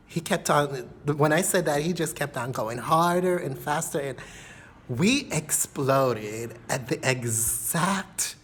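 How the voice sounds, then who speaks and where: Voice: medium pitch, fairly bright tone. Rambling, gushing confessional storyteller. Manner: rambling, repeats "I'm telling you", many fillers; breathy, dreamy asides that drop to a whisper. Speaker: vlogger telling a personal story. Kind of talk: casual confessional monologue.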